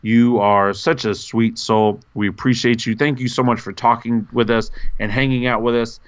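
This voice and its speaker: Male podcast co-host, enthusiastic and effusive, average pitch, dull lo-fi recording. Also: moderate pace, smooth. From North Carolina, USA. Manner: gushing, animated, pitch jumps when excited. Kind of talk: casual podcast chat.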